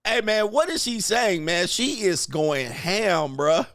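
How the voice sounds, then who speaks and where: A man's voice: sits high, expressive, takes it slowly, heavy background noise. A man hosting a reaction show, joking and laughing in loose slangy talk. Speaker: host reacting to videos. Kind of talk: casual reaction commentary.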